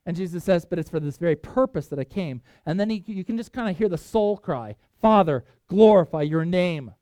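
A man preaching a sermon, reading scripture aloud with emphatic swings in loudness. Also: high voice, animated, fast talker, no echo. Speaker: pastor.

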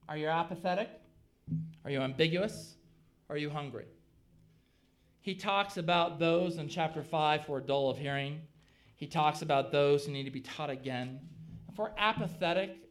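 A middle-aged man delivers a sermon in a relaxed, conversational way. His fairly high voice swells into emphatic peaks when he drives a point home. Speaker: pastor.

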